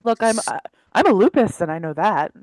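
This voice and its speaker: A woman's voice: medium pitch, very animated, a little fast, a little mellow, dry recording, low-quality recording. A woman takes part in a tabletop role-playing game, describing what her character does and joking with the others. Her voice sounds dry and close, with no room around it. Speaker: player.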